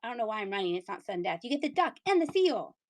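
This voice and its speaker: Rapid-fire and sing-song, a woman with a voice on the high side chats her way through a live-stream sale. She's middle-aged, from Pennsylvania, and keeps things playful with giggles and musical asides.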